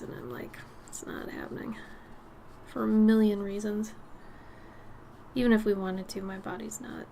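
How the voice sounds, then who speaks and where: A woman with a raspy, smoky voice chatting casually while she paints on a live stream, her nose a little stuffy. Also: medium pitch, slight background noise. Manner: chatty, drifts between topics, soft murmured asides.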